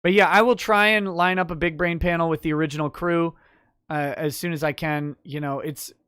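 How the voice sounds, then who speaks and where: A man's voice: fairly high pitch, fairly even intonation, brisk, fairly bright tone, clean tone, no echo, studio quality. A man hosting a podcast, chatting casually and joking while reading out chat messages. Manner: joking, irreverent. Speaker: podcast host.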